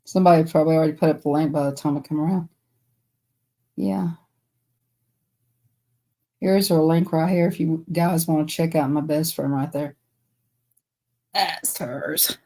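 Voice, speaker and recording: A woman's voice: deep voice, fairly even intonation, normal speed, pauses often, warm tone. Woman, Southern US accent, live-stream chat, storyteller, laughs often. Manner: chatty storyteller, laughs often, talks straight to viewers.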